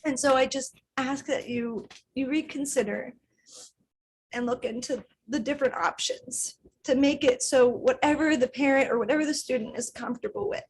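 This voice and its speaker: A woman's voice: high-pitched, normal speed, slight background noise. A woman in her thirties, a parent giving public comment at a school board meeting, pleading earnestly and emotionally with her voice catching in tears.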